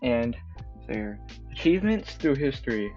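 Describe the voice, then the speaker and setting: A man's voice: medium pitch, unhurried, highs cut off, faint music behind. A man voicing a raptor woman history teacher with forced enthusiasm, read in his own plain voice while reading a visual novel aloud. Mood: forced cheer. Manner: reads flatly in his own voice.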